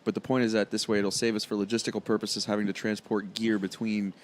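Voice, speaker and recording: A man's voice: fairly low pitch, level tone, fast, slight background noise. A man co-hosting a podcast in casual chat, talking bluntly and swearing freely. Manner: blunt, profane, laughs at his own jokes. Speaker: podcast co-host.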